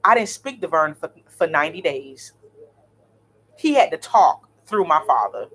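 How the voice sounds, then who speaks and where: A woman, in her thirties, telling a story in a blunt, animated, cursing vlog style. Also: low voice, measured pace, slightly rough. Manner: blunt, animated, swears freely. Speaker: vlogger.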